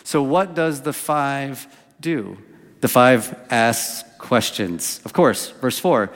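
A man's voice: medium pitch, slow pace. A male pastor preaches in a loose, chatty manner, checking in with "right?" and scattering "like" through his sentences. His voice sits in a middle register, and a long hall reverb trails after every line. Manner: conversational, with many fillers like "like" and "right?". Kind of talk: sermon.

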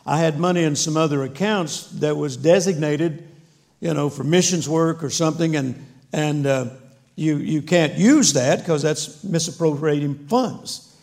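A male preacher delivers a storytelling sermon with a gravelly edge to his voice. He keeps the humor folksy and acts out the dialogue as he goes, and his voice sits a little high for a man. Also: a little slow, darkish tone. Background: audience laughter.

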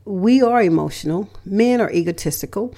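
A middle-aged woman hosts a motivational radio talk. Her voice sits at an ordinary pitch for a woman. She speaks emphatically, leaning on key words and repeating them in lists. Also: animated, normal speed, dark tone. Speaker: radio host and relationship counselor.

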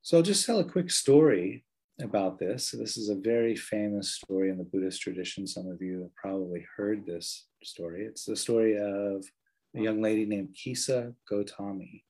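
Male meditation teacher, low husky voice, gentle earnest storytelling. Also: moderate pace, rough recording.

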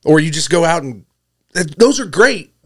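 Easygoing man, casual chat, slightly high and lively voice, reflective. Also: normal speed.

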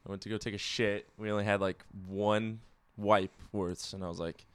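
A man's voice: lowish voice, moderate pace, clean tone, dry recording. A young man telling a rowdy story in casual podcast chat, swearing a lot and acting out what people said. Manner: animated storyteller, swears a lot, acts out quotes.

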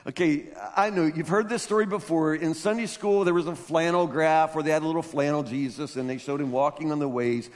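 A man preaching a sermon, telling stories in an animated way with emphatic peaks. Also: fairly high pitch, brisk, few pauses. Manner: animated storytelling, rising to loud emphatic peaks. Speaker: pastor. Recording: long hall reverb.

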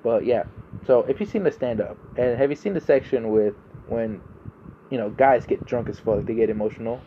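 A man's voice: mid-range voice, normal speed, mellow, lo-fi sound, slight background noise. A young man hosting a casual monologue podcast, laid-back and rambling, swearing freely. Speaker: podcast host.

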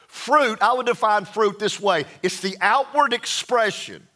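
Slow, bright-voiced preaching man. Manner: slow, emphatic preaching with dramatic drops in pitch and volume; reads scripture slowly and deliberately. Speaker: pastor. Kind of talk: sermon.

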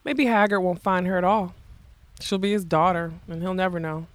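A woman's voice: fairly low pitch, steady tone, lightly acted. A woman reading as a weary despairing magician. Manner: slow, quiet, tired. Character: weary middle-aged male magician, despairing.

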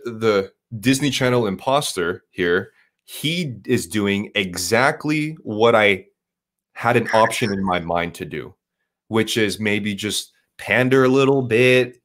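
A man's voice: medium pitch, lively intonation, unhurried, a bit bright. A man in casual podcast chat, rambling and emphatic, swearing a lot with frequent restarts.

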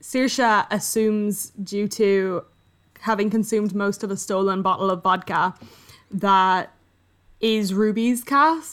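A woman's voice: mid-range voice, takes it slowly. Chatty woman retelling a book plot. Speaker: podcast co-host. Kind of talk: casual book discussion.

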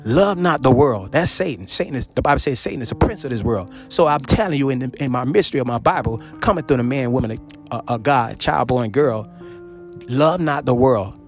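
A man preaching a sermon on scripture with fervor. He repeats phrases, calls out hallelujah often, and swings between loud calls and low murmurs. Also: lively intonation, brisk, faint music behind.

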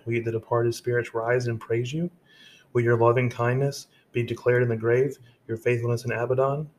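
A man's voice: medium pitch, slight background noise. A man hosting a devotional podcast, reading scripture aloud and then explaining it in a casual way with frequent restarts. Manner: reads verses aloud, then paraphrases them in casual speech with many restarts. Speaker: podcast host.

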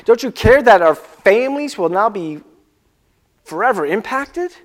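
A man's voice: high-pitched, lively intonation, unhurried. A man voicing panicky, frightened men in a boat during a storm, firing off frantic pleading questions.

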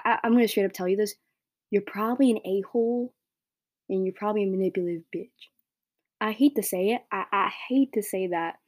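A woman's voice: medium pitch, a little mellow, no room sound, studio quality. A teenage girl hosting a solo podcast, ranting bluntly and rambling with lots of filler words. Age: teens. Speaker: podcast host. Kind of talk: solo opinion rant.

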